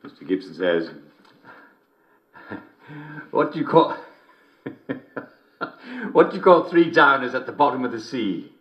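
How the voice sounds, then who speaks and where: Game voice: middle-aged English TV host, giggly and smarmy, slow and sing-song, dull lo-fi sound. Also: male voice, mid-range voice, very animated. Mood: jovial. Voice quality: keeps chuckling between lines, smarmy showman delivery. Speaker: TV and radio host. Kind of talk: scripted in-game broadcast.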